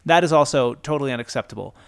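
A man in his thirties co-hosting a casual chat, animated and emphatic, his pitch swinging up sharply. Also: racing, vocal fry, smooth. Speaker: podcast co-host.

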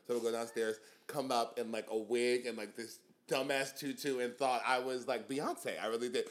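A young man and drag queen, guest on a casual podcast, telling animated stories with frequent laughter and casual swearing. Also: medium pitch, fairly quick, few pauses.

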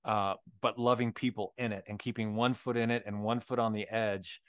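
A man's voice: fairly low pitch, flat delivery, normal speed, clean tone, no echo. Candid man, dry close sound. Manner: candid storytelling, tags with "right?". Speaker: podcast co-host. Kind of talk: casual faith conversation.

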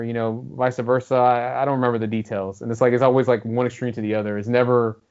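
A man's voice: medium pitch, level tone, quick pace, a little mellow. A man rambling casually about video games, swearing freely and acting out characters' lines. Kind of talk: casual gaming chat. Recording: dull lo-fi audio.

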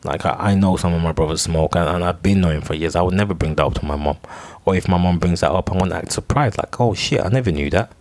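A young man tells a solo podcast story in a very low voice, stumbling over repeated words and swearing as he goes. The recording is dry and close, with no room sound around him. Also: fairly even intonation, quick pace, a little mellow, dry recording. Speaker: podcast host.

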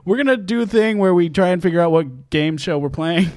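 A man hosting a comedy podcast, joking around and putting on a lower sports-guy voice. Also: animated, brisk, a little mellow, no room sound, studio quality. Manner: jokey, playing a low-voiced sports guy bit. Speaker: podcast host.

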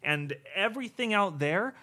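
A man voicing depression as a warm robe that lulls the listener with slow, soft reassurance. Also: high voice, lively intonation, voice pushed up, heavily acted. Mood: lulling. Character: smothering warm robe of depression, soothing and false.

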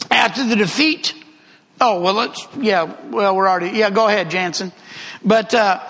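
A man's voice: extremely high pitch, sharp tone. A man teaching a Bible class in a conversational way, throwing rhetorical questions at the class. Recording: reverberant room recording.

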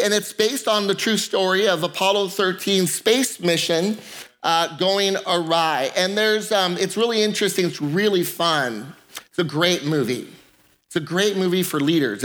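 Male pastor, sermon delivery, high bright voice, jokey, hammers key phrases. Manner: joking, repeats phrases for emphasis.

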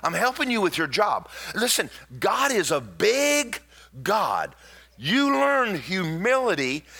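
A man preaches to a church congregation, his voice bright and forward. He pitches a little high for a man and talks in an animated rhythm. He jumps into loud bursts, then drags words out slowly to hammer a point home. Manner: animated, with sudden loud bursts and slowed emphasis. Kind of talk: sermon with personal storytelling.

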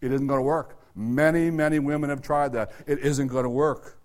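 A middle-aged man preaching a sermon at a church service, swinging from loud, emphatic urging to low, quiet asides. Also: steady tone, normal speed. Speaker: pastor.

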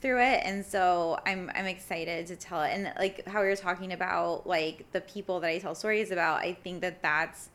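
Young woman, casual guest, lower voice, rambling and reflective. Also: fairly even intonation, normal speed, hardly any pauses, fairly bright tone. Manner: reflective, many fillers and restarts. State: briefly emotional. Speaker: podcast guest. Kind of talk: casual conversation.

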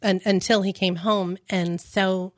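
A woman's voice: mid-range voice, little pitch movement, dry recording, studio quality. Hesitant mother telling her story. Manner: hesitant, halting, with many fillers and restarts. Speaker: guest, parent. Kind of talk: radio talk show conversation.

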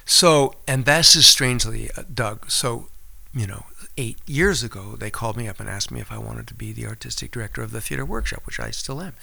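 A man's voice: mid-range voice, brisk, vocal fry, bright, forceful tone, slightly rough. An older actor telling stories from his career as a guest on a casual chat show, acting out the voices of people he quotes. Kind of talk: casual storytelling interview.

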